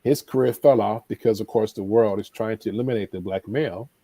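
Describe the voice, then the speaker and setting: A man's voice: lowish voice, a little fast, mellow. A man, a life coach, telling stories with emphatic repetition and acted-out dialogue in a preacherly manner. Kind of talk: animated storytelling advice.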